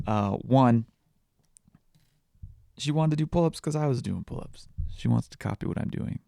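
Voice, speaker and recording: A man's voice: mid-range voice, normal speed, creaky, warm tone, no room sound, clean studio sound. A young man hosting a podcast, telling candid, self-deprecating stories in a confessional, casual way. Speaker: podcast host. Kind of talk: casual personal podcast talk.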